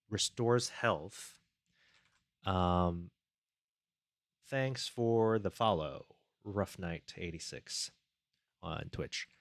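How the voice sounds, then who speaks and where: A man's voice: sits low, dry recording. A man streaming his game development, thinking aloud as he codes and chatting casually with viewers on a close desk mic. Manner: thinking aloud while coding, muttering to himself; reads chat and thanks viewers casually. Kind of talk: live-stream coding chat.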